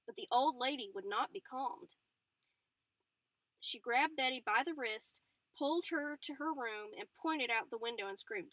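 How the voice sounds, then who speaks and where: A woman narrating a novel aloud in an expressive way, with small slips and restarts. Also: on the high side, a little slow, no room sound, poor audio. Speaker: audiobook reader. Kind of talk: storybook narration.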